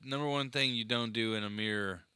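A man tells funny stories in a loose, animated chat, laughing as he goes. His voice is very bright and crisp. The sound is dry and close, with no room around it. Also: mid-range voice, fairly quick, dry recording. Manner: animated storyteller, laughs often. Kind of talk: casual chat.

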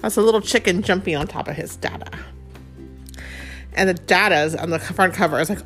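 A woman's voice: on the low side, fairly quick, pauses often, a bit bright, soft background music. A woman in her thirties hosting a podcast, reading a picture book aloud to her child, playful and chatty. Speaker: podcast host and mother.

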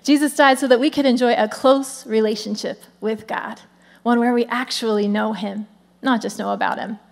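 A woman in her thirties, the lead pastor, giving a lively conversational sermon with frequent "come on" asides. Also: a little high, moderate pace, vocal fry.

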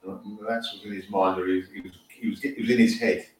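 A man's voice: low-pitched, flat delivery, fast talker. A man on a football podcast, opinionated and indignant, his voice picked up from a distance. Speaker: podcast panelist. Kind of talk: casual chat. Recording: distant echoey mic.

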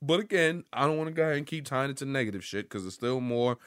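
A man riffing on a podcast in loose, rambling commentary, swearing freely and jumping into excited outbursts. His voice sits at an ordinary pitch and sounds dry and close, with no room around it. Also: quick pace, smooth, dry recording. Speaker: podcast host. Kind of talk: casual pop-culture commentary.

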